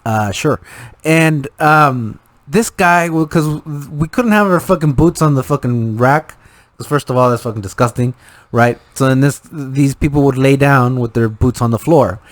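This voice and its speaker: A young man co-hosting a podcast, telling swear-filled stories in casual, animated chat. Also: mid-range voice, normal speed, no room sound. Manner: profane, animated storyteller. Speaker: podcast co-host.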